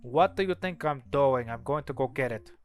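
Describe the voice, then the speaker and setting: A man's voice: medium pitch, moderate pace, natural voice. A man voicing a cocky young male mage who teases his little sister, in a strange made-up accent. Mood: teasing. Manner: odd put-on accent, teasing.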